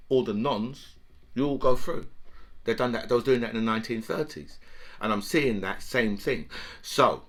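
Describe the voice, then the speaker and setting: Man, political commentary, heated rant, emphatic, swearing, bright sharp tone. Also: on the low side. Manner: heated, emphatic, swearing, tag questions like "right?".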